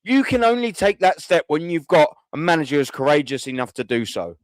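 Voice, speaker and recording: A man's voice: a little high, sing-song, a little fast, no echo. A man, hosting a fan call-in show and ranting furiously, swearing and repeating himself. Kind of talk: angry fan rant.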